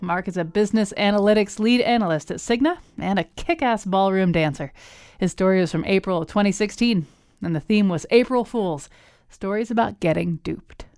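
A woman hosting a podcast, reading a crisp scripted introduction. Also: medium pitch, moderate pace, darkish tone, dry recording, clean studio sound. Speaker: podcast host.

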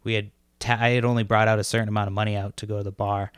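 A man's voice: lowish voice, flat delivery, rapid-fire, smooth, no echo, studio quality. A man co-hosting a podcast, telling crude stories in a laid-back way. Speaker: podcast co-host. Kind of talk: casual chat.

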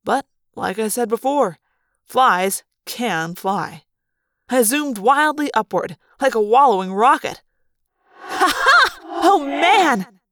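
A woman reading a fan audiobook, narrating in first person with lively, dramatic delivery. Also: on the high side, slow, no room sound, clean studio sound. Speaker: audiobook reader.

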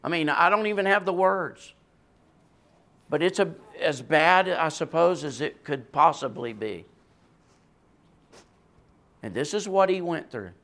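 A man preaching a sermon with a voice that carries, swinging from hushed, quiet passages to loud, emphatic ones. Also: fairly high pitch, expressive, unhurried, pauses often.

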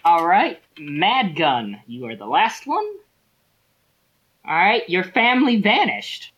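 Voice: medium pitch, huge pitch swings, slow, a bit bright, husky, lo-fi sound. A game master running a tabletop role-playing game, explaining the setting at length with many ums and restarts.

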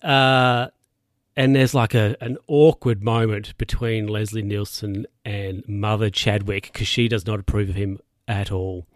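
A man's voice: fairly low pitch, fairly even intonation, a little slow, no echo, clean studio sound. A young man casually recapping a TV episode, rambling with lots of fillers and asides. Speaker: show recapper.

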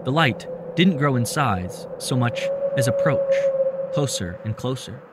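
A man reading a story aloud in a steady, measured narration. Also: medium pitch, heavy background noise.

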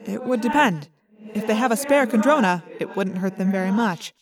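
A woman's voice: mid-range voice, crowd noise, close to an everyday voice. Woman voicing a formal alien warrior. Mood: explaining. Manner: formal, measured phrasing. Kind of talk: audiobook character voice.

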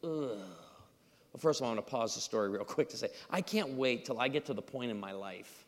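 A man preaching a humorous sermon with stories, acting out dialogue in an animated way. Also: medium pitch, fast talker. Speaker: pastor. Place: church auditorium. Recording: live hall reverb.

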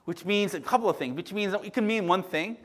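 Male pastor, high-pitched, animated sermon delivery, keeps asking "right?", loud one moment and quiet the next. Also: brisk. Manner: animated storytelling, swinging between loud bursts and hushed murmurs; frequent "right?" tag questions.

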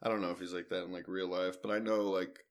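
A man's voice: low voice, flat delivery, fast. A young man co-hosting a podcast, chatting loosely about a movie, rambling and laughing. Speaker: podcast co-host. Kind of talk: casual movie chat.

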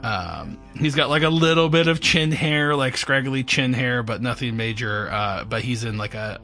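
A man running a tabletop game as game master, rambling and filling pauses with ums. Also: medium pitch, pushed and bright, soft background music. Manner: rambling, many fillers.

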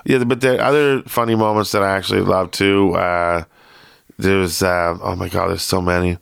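A man hosting a casual interview, chatty and animated, laughing often. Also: low voice, normal speed, gravelly, clear, resonant tone, no room sound, clean studio sound. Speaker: podcast host.

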